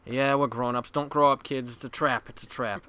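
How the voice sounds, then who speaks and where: A Boston man with a bright, forward voice chats crudely and laughs at himself as he co-hosts a podcast. His talk rambles and jokes along in a relaxed back-and-forth, recorded in a basement room. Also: mid-range voice, fairly quick, clear, resonant tone. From Boston area. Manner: crude, self-mocking, laughs often. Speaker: podcast co-host. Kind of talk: casual chat.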